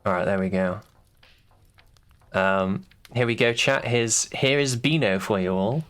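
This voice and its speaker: A man's voice: lowish voice, unhurried, a bit bright, smooth. Hesitant man interviewing on a stream. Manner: hesitant, full of ums and trailing phrases.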